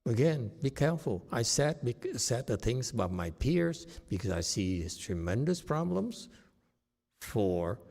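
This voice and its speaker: A man whose first language is Chinese, giving a slow, plain-spoken dharma talk as a meditation teacher, often checking in with "okay?". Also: mid-range voice, big pitch swings, creaky, a little mellow. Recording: long hall reverb.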